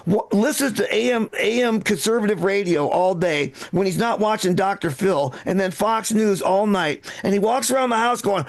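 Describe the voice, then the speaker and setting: A middle-aged man performs a stand-up set in a rambling, profane way, breaking off and restarting his lines. His voice sits high for a man and has a gravelly edge. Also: moderate pace, hardly any pauses. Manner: rambling, profane, self-interrupting delivery. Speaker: stand-up comedian. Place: live comedy stream with echo. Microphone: own microphone.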